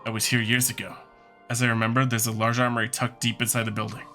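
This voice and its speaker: A man voicing a loyal young male companion in a game, speaking low, steady and matter-of-fact. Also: quick pace, soft background music, lightly acted. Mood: calm. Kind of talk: voicing game dialogue on a let's-play.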